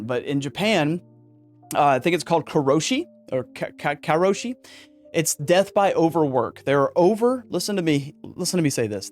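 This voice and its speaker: A man hosts a podcast in a lively, fired-up monologue, breaking into jokey asides. His voice sits a little on the high side, and faint music plays beneath him. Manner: energetic, gets worked up, jokey asides. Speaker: podcast host. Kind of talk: casual podcast monologue on men's mental health.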